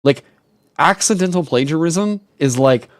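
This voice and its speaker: Male stream host, lively up-and-down delivery, dry close headset sound, rambling and profane. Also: fairly high pitch, unhurried, no echo. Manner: animated, rambling, swears casually. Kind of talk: casual live-stream chat.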